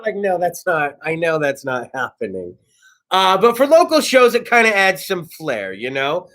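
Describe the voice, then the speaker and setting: A man's voice: mid-range voice, lively intonation, moderate pace, a bit bright. A man in his thirties from California hosting a casual talk show, rambling and profane. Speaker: host. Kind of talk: casual monologue. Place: studio.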